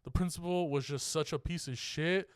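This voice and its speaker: A man's voice: a little high, normal speed, clear, resonant tone, dry recording, clean studio sound. A young man from California co-hosting a podcast, telling a rambling, profane story in casual chat. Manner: profane, rambling, laughing as he talks. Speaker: podcast co-host.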